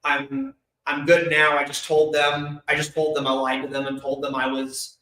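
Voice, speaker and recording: A man with a bright, ringing, fairly high voice tells his own story to an audience. He talks openly and emotionally, with quick bursts of humor. The sound carries the echo of a large event hall. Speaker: speaker sharing his life story. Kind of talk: candid personal storytelling to an audience. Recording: echoey hall.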